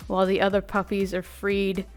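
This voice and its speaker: A woman giving a casual, animated recap of a cartoon while she draws, slangy and amused. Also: mid-range voice, moderate pace, soft background music. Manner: animated, amused, often laughing; slangy, conversational. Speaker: video creator.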